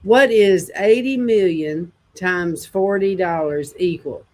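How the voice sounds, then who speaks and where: A woman's voice: on the low side, slow, darkish tone. A woman hosting an online news commentary show, talking casually to her camera with chuckling, mocking asides. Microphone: speaking to a video camera.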